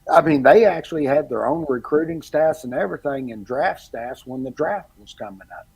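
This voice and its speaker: A middle-aged man from Texas tells football stories in a casual, animated way. His voice is gravelly and husky. He sounds like a relaxed co-host of a sports chat show. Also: a little high, a little fast, rough recording. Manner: animated storyteller, quotes others in lively bursts. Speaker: podcast co-host.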